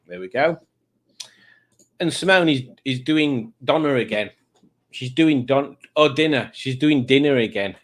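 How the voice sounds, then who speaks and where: A man's voice: mid-range voice, expressive, a little slow. A man hosting a live stream in casual chat, reading out viewer comments in a rambling, self-mocking way.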